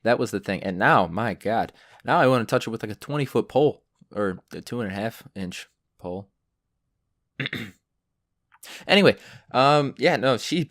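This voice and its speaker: A man's voice: medium pitch, dry recording, clean studio sound. A young adult man hosting a solo podcast, telling stories in a profane, ranting way. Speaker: podcast host.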